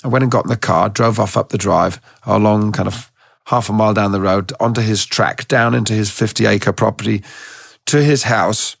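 A man who trains dogs, telling stories in a relaxed, rambling way as a guest in an interview, with a gravelly, husky voice. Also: lowish voice, moderate pace, no echo, studio quality. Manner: relaxed, rambling, with many restarts. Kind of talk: casual storytelling in a podcast interview.

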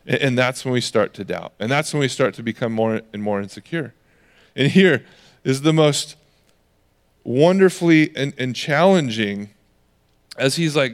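A man preaching a conversational sermon as pastor, animated and lively, slipping into the voices of the people he quotes. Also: mid-range voice.

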